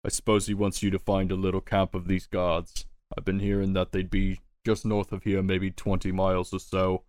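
A man voicing a calm male guildmaster in a tabletop game, measured and a little hesitant. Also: low voice, dry recording, clean studio sound, lightly acted.

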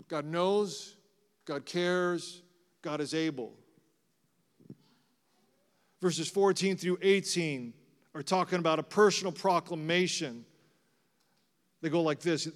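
A middle-aged man preaches to his congregation in a fairly high voice, swinging from ringing proclamation down to hushed intimacy. His sermon carries a long reverb from the sanctuary. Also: takes it slowly, long pauses. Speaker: pastor. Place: church sanctuary.

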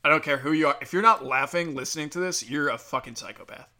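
A man's voice: a little high, fast talker, bright, forceful tone. A man hosting a solo podcast, talking in a crude, profane, rambling monologue. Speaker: podcast host.

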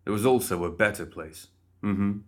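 A man's voice: fairly low pitch, moderate pace, close to an everyday voice. A man voicing a boastful, condescending undead man who is only a severed head, in a storybook reading. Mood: smug. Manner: smug and boastful.

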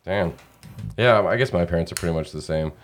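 Deep-voiced relaxed interview host. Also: male voice, fairly quick. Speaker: podcast host. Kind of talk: casual interview chat.

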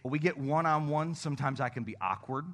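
Candid, self-deprecating male pastor. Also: a little high. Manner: acts out phone calls in animated voices; softens to a hushed, slow tone in prayer. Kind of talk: conversational sermon.

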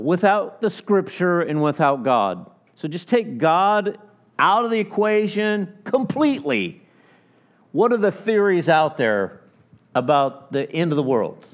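A man preaching a sermon as pastor, earnest, slowing down to stress scripture verses. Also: sits high. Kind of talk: sermon with prayer. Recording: dull lo-fi sound.

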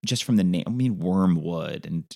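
A man's voice: deep voice, normal speed, vocal fry, darkish tone. A man casually recapping a movie plot with enthusiasm and fillers. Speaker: podcast co-host.

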